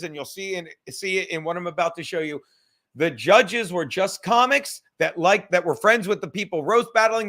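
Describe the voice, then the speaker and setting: Podcast host guy, high bright voice, swearing up a storm, heated rambling rant. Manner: profane, heated, rapid rambling.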